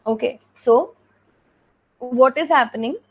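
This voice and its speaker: A woman with an Indian English accent gives an exam revision lecture in a high, husky voice at a slow pace. She explains things step by step, repeats key points, and often checks in with "okay." The recording quality is low.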